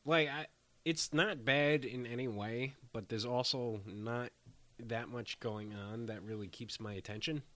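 A man's voice: mid-range voice, steady tone, a little slow, pushed and bright, no echo. A congested man co-hosting a casual beer podcast, speaking in a plain, matter-of-fact way. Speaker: podcast co-host. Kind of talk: casual chat.

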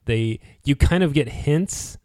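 A man co-hosting a podcast, talking in a loose, casual way and jumping into characters' lines as he retells scenes. His voice sits in an ordinary middle pitch. The sound is dry and close-miked. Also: slow pace, no echo. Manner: animated, acts out characters' lines while recapping. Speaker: podcast co-host.

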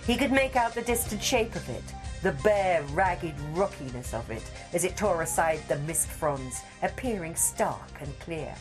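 A woman narrating a story in a measured, expressive storytelling manner that drops soft at tense moments. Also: on the low side, over music.

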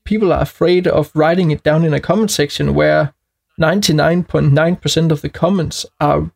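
Danish-accented man, podcast guest, gravelly, hesitant with frequent restarts. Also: a little high, steady tone, a little fast. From Denmark. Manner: hesitant, many restarts and fillers. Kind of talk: podcast conversation.

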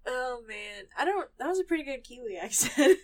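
Young woman, podcast co-host, casual chat, lively pitch, frequent laughter. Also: fairly quick. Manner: animated, laughs often, trails off with fillers.

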